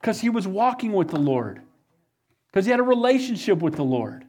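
Male pastor, sermon delivery, slightly high voice, fervent rising emphasis. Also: very animated, normal speed, a little mellow, husky. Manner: preaches with rising, fervent emphasis and repeated "Amen?".

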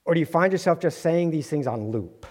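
A man's voice: fairly high pitch, animated, brisk, a little mellow. Man preaching in a reverberant church. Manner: earnest, with light self-deprecating asides. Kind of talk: sermon. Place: church sanctuary. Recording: long hall reverb.

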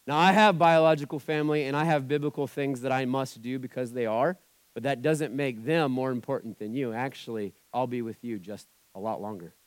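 A man's voice: medium pitch, fairly quick, dry recording. A man preaching a sermon as pastor, talking in a conversational style and acting out the voices he quotes.

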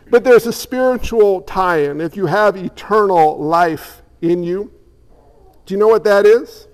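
Emphatic preacher with a high voice. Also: male voice. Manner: emphatic, questioning, storytelling. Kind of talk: sermon. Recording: long hall reverb.

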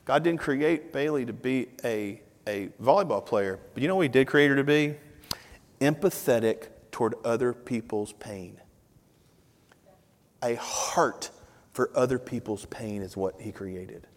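A middle-aged man preaching a sermon, telling a family story with lively acted-out dialogue before turning to earnest exhortation. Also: mid-range voice, measured pace. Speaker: pastor. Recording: long reverb of a large hall.

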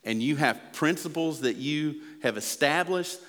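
A man's voice: unhurried, fairly bright tone. Emphatic male pastor in reverberant hall. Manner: earnest, emphatic preaching that builds in pitch and volume. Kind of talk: sermon.

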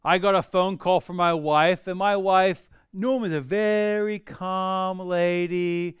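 Spinning stories with animated emphasis and wry, humorous asides, a middle-aged pastor preaches a sermon at a measured pace. His voice sits high, smooth and resonant, recorded close and dry with no room sound.

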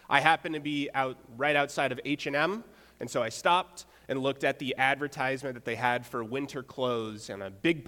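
A young adult man preaching a conversational sermon, relaxed, with rhetorical check-ins and wry asides. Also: mid-range voice. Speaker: pastor. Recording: long hall reverb.

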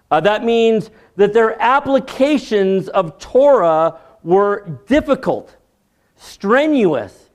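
A man giving an expository sermon in a measured teaching manner, with dry asides. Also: high voice, darkish tone, clear, resonant tone. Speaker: preacher.

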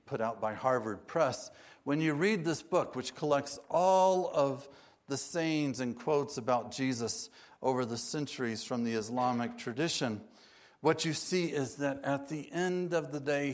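A man preaching a sermon, telling stories in a relaxed way and putting on playful voices for the characters he quotes. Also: medium pitch.

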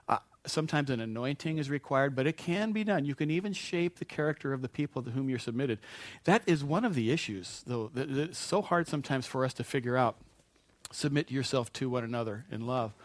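A male pastor preaching in an easygoing, storytelling way, restarting sentences as he goes. His voice sits at an ordinary middle pitch and sounds dry and close, with no room around it. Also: no room sound. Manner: folksy, anecdotal, with frequent restarts. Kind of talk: conversational sermon.

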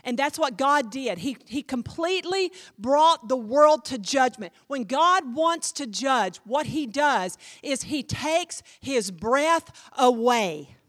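A woman pastor preaching a sermon in an animated, emphatic way, speaking directly to her congregation. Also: sits high, takes it slowly, hardly any pauses.

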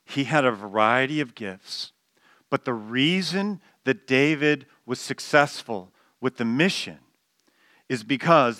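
A man's voice: mid-range voice, bright, forceful tone, no room sound, clean studio sound. A man preaching a sermon, explaining a text with emphatic stress on key words and some restarts. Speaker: pastor.

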